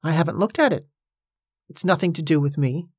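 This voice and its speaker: A gruff old boatman, stooped and gray-bearded, who mutters short stubborn answers through clenched teeth, as a woman reads him aloud. The voice sits low and slow, and the recording is close and dry with no room sound. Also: expressive, darkish tone, no echo. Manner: gruff, mumbling, few words.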